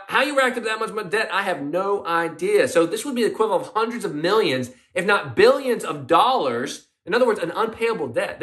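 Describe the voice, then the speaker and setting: A man with a high-pitched voice preaching a sermon. He tells the story in a conversational, questioning way and puts some emphasis into the characters' quoted lines. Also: pushed and bright. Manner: conversational, asks the congregation questions. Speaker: pastor.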